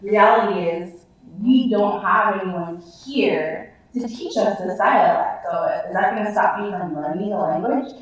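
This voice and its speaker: A woman's voice: medium pitch, animated, unhurried. A woman presenter speaking frankly and emphatically to an audience at a public talk. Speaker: language team presenter. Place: museum talk room. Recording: echoey room, far from mic.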